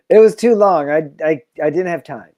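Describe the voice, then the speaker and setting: A man's voice: fairly high pitch, mellow. A man co-hosting a podcast, chatting casually and sheepishly, laughing at himself. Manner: sheepish, laughing, self-deprecating. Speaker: podcast co-host.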